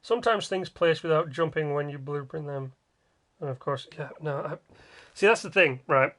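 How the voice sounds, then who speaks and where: A man's voice: fairly high pitch, normal speed, a bit bright. A man casually commenting while building in a game livestream, joking and grumbling in a rambling way. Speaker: game streamer.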